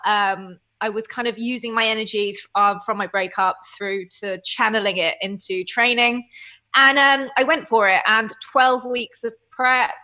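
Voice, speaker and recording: A woman in her thirties, a fitness coach, telling her story as a podcast guest in a lively, laughing manner. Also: on the high side, a little fast. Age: 30s. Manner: lively storytelling, acts out quotes, laughs often. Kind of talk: casual interview chat.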